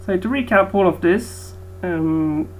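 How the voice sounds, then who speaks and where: A woman's voice: lowish voice, unhurried, a little mellow, faint music behind, rough recording. A woman biology teacher giving a recorded lecture, hesitant with frequent ums.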